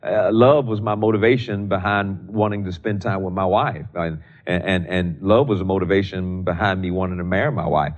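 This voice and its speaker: Older male preacher, lowish voice, repeats points slowly, muffled lo-fi recording. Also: fairly even intonation. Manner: repeats key lines slowly for emphasis, many restarts; reads scripture in old-fashioned wording. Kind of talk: sermon teaching on prayer. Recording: dull lo-fi recording.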